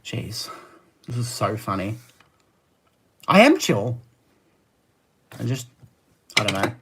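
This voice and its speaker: A live streamer chatting with viewers and arguing back at their messages in fast rants full of "like", laughing often. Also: mid-range voice, very animated, a bit bright, slight background noise. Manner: argumentative, fast rants with many "like" fillers; laughs often, easily amused.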